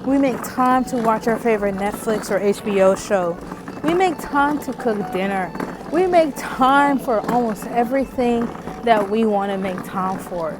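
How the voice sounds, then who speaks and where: A woman's voice: a little high, a little slow, background noise. A woman vlogger talking casually and earnestly to camera, out of breath, calling the viewer sis and girl. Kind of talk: casual faith talk to camera.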